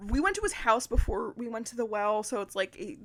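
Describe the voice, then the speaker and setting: A young woman with a fairly high voice chats casually as a podcast co-host. She rambles through her story with constant fillers and the odd swear word, often breaking into laughter. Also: big pitch swings, fairly quick, a bit bright. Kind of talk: casual chat.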